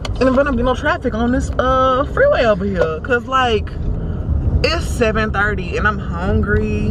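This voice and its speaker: Chatty woman in a car. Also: medium pitch. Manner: chatty, rambling, easily exasperated. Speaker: makeup artist. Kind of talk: casual vlog chat. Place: in a car while driving in traffic. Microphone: camera in the car. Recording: car noise behind the voice.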